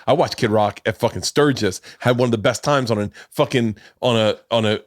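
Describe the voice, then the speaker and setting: Speaking fairly quickly in a mid-range voice, a middle-aged host chats casually on his podcast, wandering through stories, performing quotes, and swearing often. Clean studio audio with no room sound.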